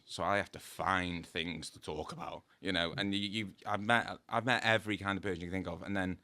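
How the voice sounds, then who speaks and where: A man with a low-pitched, forceful voice, recorded dry and close. He tells casual stories as a podcast guest, playing out both sides of each conversation, and he laughs often as he goes. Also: brisk, hardly any pauses, no echo. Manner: lively storyteller, acts out dialogue, laughs often. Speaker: guest, tattoo artist. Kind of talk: casual anecdote-telling.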